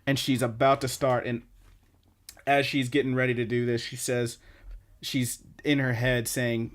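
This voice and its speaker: A young man co-hosting a casual podcast, retelling scenes with excited, profane chatter full of "like". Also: medium pitch, a little slow. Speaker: podcast co-host.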